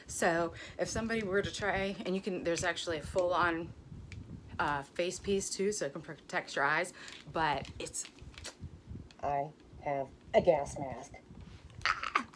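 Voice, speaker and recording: A woman's voice: fairly low pitch, unhurried, fairly bright tone, a little hiss or hum. A middle-aged woman, a nurse, chatting casually to camera in a blunt, profane, joking way. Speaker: ER nurse vlogger. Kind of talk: casual vlog chat.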